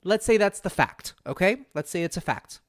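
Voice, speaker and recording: A man's voice: high-pitched, lively intonation, normal speed, no echo, studio quality. A man hosting a solo podcast, talking in an earnest, impassioned way and often correcting himself mid-sentence. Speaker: podcast host.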